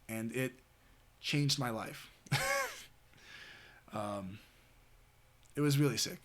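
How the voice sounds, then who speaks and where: A man's voice: on the high side, a bit bright. A man streaming late at night, telling a story in a rambling, casual way with lots of fillers and swearing. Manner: rambling, heavy filler words and frequent swearing.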